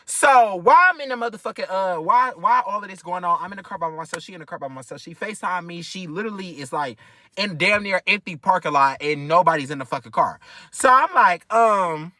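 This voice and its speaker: A young man from Detroit with a Detroit accent, telling a personal story in an animated, profane way with many filler phrases. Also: high voice, brisk, dry recording. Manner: animated, profane, keeps repeating "whatever the case may be". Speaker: vlogger. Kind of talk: casual storytime.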